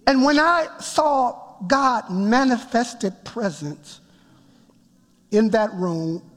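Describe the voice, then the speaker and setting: A man preaching a sermon, telling his story with emphatic build-ups that rise toward shouts. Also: very high voice, lively intonation, drawn-out words. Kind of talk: sermon testimony. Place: church sanctuary before a congregation. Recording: long reverb of a large hall.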